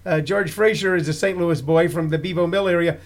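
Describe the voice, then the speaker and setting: A man's voice: on the high side, a little fast. A man hosting a radio show, jokey and folksy, often laughing. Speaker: radio host. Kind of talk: casual radio chat.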